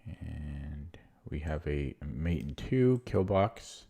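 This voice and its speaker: A man streaming chess, thinking aloud in a low-key, muttering way as he works through puzzles and questions his own moves. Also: animated, extremely slow, vocal fry, background noise. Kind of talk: casual thinking aloud while solving puzzles.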